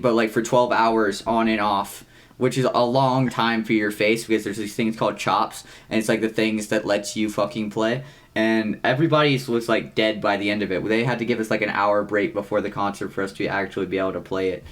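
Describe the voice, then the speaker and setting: A young man co-hosting a podcast. He tells a long, rambling story in casual chat, swearing freely and saying "like" constantly, with excited jumps in pitch. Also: a little fast. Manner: rambling, heavy use of "like", frequent swearing. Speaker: podcast co-host.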